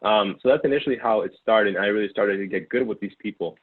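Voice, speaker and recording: A Ukrainian-born man in his twenties, a former sales intern appearing as a guest, tells a story in a casual interview. He talks fast and loosely, rambling with lots of fillers and restarts, in a somewhat low, husky voice. The audio is thin and tinny, as if over a phone line.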